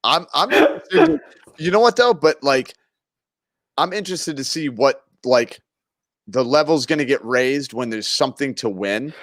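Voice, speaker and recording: A man's voice: medium pitch, sing-song, moderate pace, fairly bright tone, dry recording. A young man co-hosting a casual chat show, reacting with laughs and exclamations. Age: young adult. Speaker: co-host.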